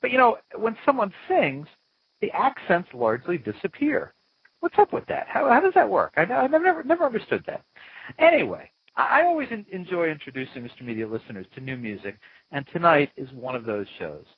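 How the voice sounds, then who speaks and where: Animated, husky-voiced male podcast host. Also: high voice, fairly quick, highs cut off. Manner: playful, animated, mock-dramatic asides. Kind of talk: chatty interview-show host intro. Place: small home studio, Florida.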